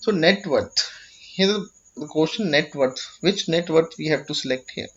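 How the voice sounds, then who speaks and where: A man's voice: on the high side, normal speed, fairly bright tone. A man with an Indian English accent explaining a government filing form step by step. He often checks in with "okay?" and restarts his sentences. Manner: repeats "okay?" to check understanding, with frequent restarts. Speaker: tutorial presenter. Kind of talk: explanatory screen-share tutorial. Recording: dull lo-fi audio.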